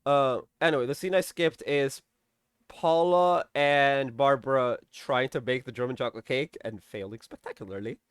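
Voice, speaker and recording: A man's voice: mid-range voice, moderate pace, clear, resonant tone, no echo, clean studio sound. A young man recapping a TV episode in a casual, rambling way, swearing freely and tossing in sarcastic mock quotes of the characters. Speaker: TV episode reviewer.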